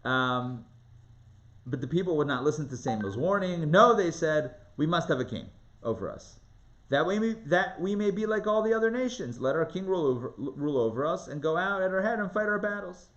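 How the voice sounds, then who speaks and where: A man teaching a live Torah class, reading scripture aloud and acting out the voices in an animated, conversational way. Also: a little high, highs cut off. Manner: animated, dramatizes the text with rising voice and quick asides. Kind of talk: lively live online Torah lesson.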